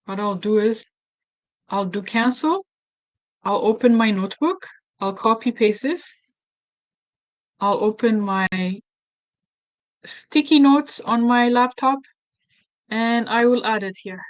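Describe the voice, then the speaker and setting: A woman's voice: a little high, takes it slowly, pauses often, muffled recording. A woman with an Ethiopian accent, a native Amharic speaker, hosting a casual screen-recorded tutorial, thinking aloud and getting flustered with herself. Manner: thinking aloud, self-deprecating, easily flustered. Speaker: activist tutorial host.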